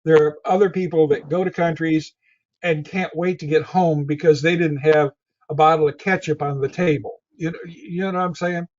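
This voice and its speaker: A man's voice: a little high, fairly even intonation, moderate pace, darkish tone, lo-fi sound. Tennessee-accented man, rambling. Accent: Southern US, Tennessee. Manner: rambling, repeats his words often. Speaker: interview guest. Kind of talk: casual remote interview.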